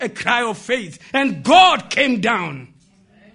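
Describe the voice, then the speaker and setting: A man preaching an impassioned sermon, often shouting and putting questions to the congregation. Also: extremely high pitch, sing-song, normal speed.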